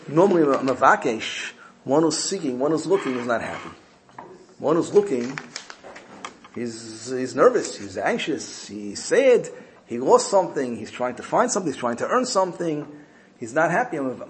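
A man giving an animated Torah sermon, telling stories and using Hebrew and Yiddish terms. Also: medium pitch, a little hiss or hum. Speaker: rabbi teaching Torah. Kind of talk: sermon with storytelling.

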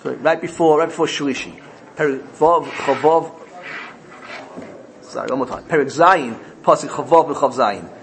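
A man giving a Torah sermon, telling a parable with animated storytelling and frequent self-corrections. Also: fairly high pitch, normal speed, a little hiss or hum, rough recording.

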